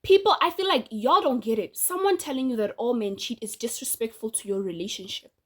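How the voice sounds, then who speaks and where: Chatty woman, slightly high voice. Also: brisk, fairly bright tone. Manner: opinionated, chatty, laughs often, addresses viewers directly. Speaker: vlogger and podcaster. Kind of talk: casual direct-to-camera monologue.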